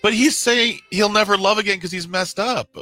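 A man co-hosts a radio show with wisecracking banter. His voice is bright and sits a little high. Faint music plays under his dry, close voice. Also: moderate pace. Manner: joking, wisecracking. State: voice trouble. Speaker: radio co-host.

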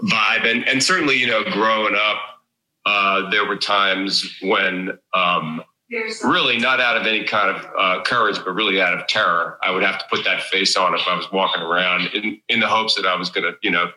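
A man with a somewhat low but very bright voice reflects with self-mocking humor in interview answers. The clip sounds roomy, as if played back from a recording. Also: steady tone, normal speed. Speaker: interview guest.

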